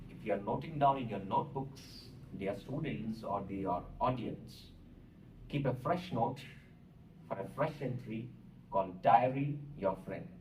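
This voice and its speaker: A man's voice: medium pitch, a little mellow. A man with an Indian English accent teaching an English writing lesson, explaining step by step and spelling words out letter by letter. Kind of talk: classroom lecture. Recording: roomy echo, distant mic, faint hiss.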